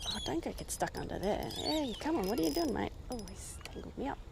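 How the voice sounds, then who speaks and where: A woman with an Australian accent chatting casually as she fishes, talking to the fish and getting very excited over a catch. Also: a little high, a little fast, vocal fry, background noise. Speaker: fishing vlogger. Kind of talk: casual running commentary while fishing. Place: outdoors by the water in the rain.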